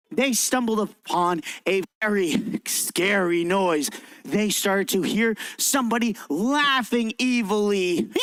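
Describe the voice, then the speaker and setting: A young man presenting a lively, interactive children's science show and telling a story, encouraging the kids in the audience. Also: high-pitched, no room sound. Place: library event room.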